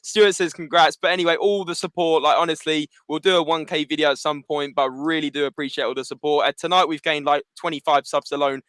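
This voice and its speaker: A man co-hosting a casual livestream chat, excitable and reading out chat messages. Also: on the high side, fast talker, hardly any pauses, smooth, no room sound. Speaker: co-host.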